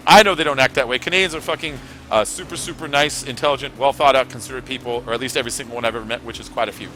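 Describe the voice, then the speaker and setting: A man's voice: medium pitch, fast talker, pushed and bright, soft background music. A man from California giving rambling, chatty commentary while playing a racing game, swearing freely. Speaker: gaming streamer. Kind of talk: casual gameplay commentary.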